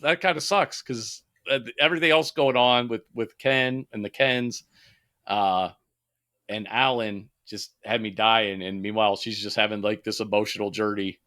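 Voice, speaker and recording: A podcast co-host, a man in his thirties, pushes a movie recommendation with lively, profane enthusiasm in a laid-back chat. His voice is fairly low and moves at a normal speed.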